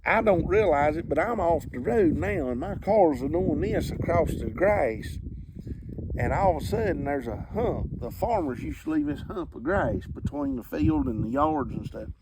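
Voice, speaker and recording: A man with a drawl tells a comic story full of colorful country sayings. His voice sits somewhat high for a man. Steady outdoor background noise runs under him. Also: normal speed. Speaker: comedic storyteller.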